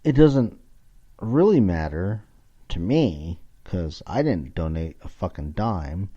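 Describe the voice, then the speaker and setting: A man's voice: sits low, expressive, takes it slowly, warm tone. A man around forty hosting a podcast, giving a blunt, profane casual monologue. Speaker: podcast host. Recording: dull lo-fi recording.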